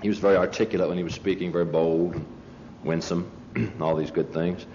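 A man's voice: low voice, fairly even intonation, brisk, darkish tone, roomy sound. A man lecturing in a conversational sermon style, telling anecdotes emphatically with many restarts and asides to his listeners. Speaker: preacher lecturing on a religious movement. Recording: dull lo-fi tape with faint hiss.

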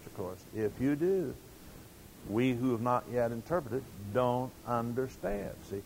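A man's voice: medium pitch, creaky, a little mellow, a little hiss or hum, poor audio. An older man preaching a sermon, telling stories in a folksy way and acting out quotes. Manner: folksy storytelling with acted quotes.

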